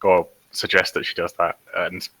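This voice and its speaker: A man's voice: sits low, monotone, normal speed, pushed and bright, breathy edge, dry recording, poor audio. A man playing a tabletop role-playing game who speaks in a hesitant, questioning way. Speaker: player. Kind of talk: casual tabletop game play.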